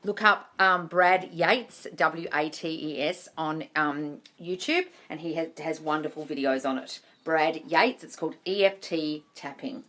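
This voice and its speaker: A woman's voice: sits low, a little slow, few pauses, fairly bright tone. A woman hosting a casual livestream Q&A as a manifesting coach, chatty and reassuring, calling viewers darling and swearing now and then. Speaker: manifesting coach answering live questions. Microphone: phone livestream.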